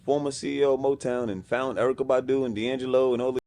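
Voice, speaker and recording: Fast yet mellow, this medium-pitched man keeps a steady tone. A podcast guest and music executive from Brownsville, Brooklyn, with a New York accent, he tells his story in casual slang, acting out the voices of people he quotes.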